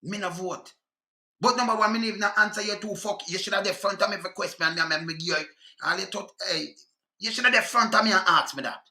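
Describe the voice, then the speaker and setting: A man's voice: high voice, fairly quick, bright, forceful tone, roomy sound. A man with a Jamaican accent in an angry, profane rant reacting to clips. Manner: heated, profane, scolding.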